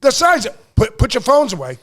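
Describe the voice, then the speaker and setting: A man's voice: very high-pitched, wildly swooping pitch, moderate pace, a bit bright. A man, co-hosting a podcast and telling the story as an exaggerated, profane rant. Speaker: podcast co-host. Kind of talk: casual storytelling chat.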